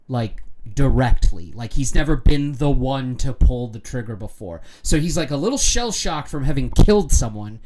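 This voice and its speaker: A middle-aged man giving a chatty, rambling livestream recap of a film. His tone is warm and mellow and his pitch sits in a middling range. He leans heavily on filler words and loose asides. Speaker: livestream host.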